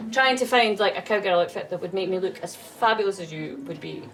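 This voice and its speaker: A woman's voice: medium pitch, lively intonation, fairly quick, fairly bright tone, recorded from a distance, slight background noise. Giggly English woman hosting a chat. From England. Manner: chatty, giggly, self-deprecating. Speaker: podcast host. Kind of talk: casual interview chat. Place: festival grounds.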